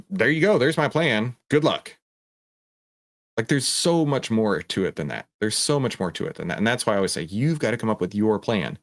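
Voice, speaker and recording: A man hosting a casual livestream, talking in an animated, digressive way and often interrupting himself. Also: fairly low pitch, dry recording, studio quality. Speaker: host.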